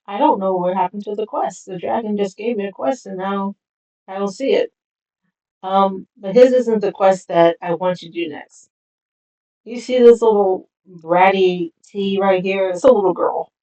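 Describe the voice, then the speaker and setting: A woman's voice: medium pitch, normal speed, dark tone, low-quality recording. A woman streaming a game, explaining quests in casual, rambling commentary. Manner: rambling, with many fillers.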